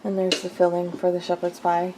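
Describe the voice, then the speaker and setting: A woman's voice: on the low side, monotone, a little fast, background noise. A young woman chatting casually through her daily vlog in her home kitchen, rambling and laughing often. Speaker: vlogger.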